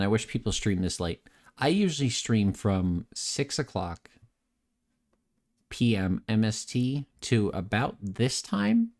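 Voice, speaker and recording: A young man with a fairly low voice hosts a relaxed late-night stream. He rambles and jokes, reading chat messages aloud and answering them in a casual, unpolished way. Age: young adult.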